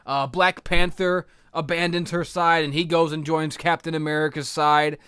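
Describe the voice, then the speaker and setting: A young man recapping comic books in a profane, sarcastic rant that erupts into shouting. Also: fairly high pitch, level tone, moderate pace, smooth, no room sound, clean studio sound. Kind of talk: ranting comic book recap.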